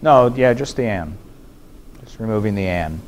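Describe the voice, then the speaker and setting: A man's voice: on the low side, expressive. Man giving an academic lecture. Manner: measured, explanatory, with frequent fillers and restarts. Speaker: scholar giving a conference presentation. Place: conference hall.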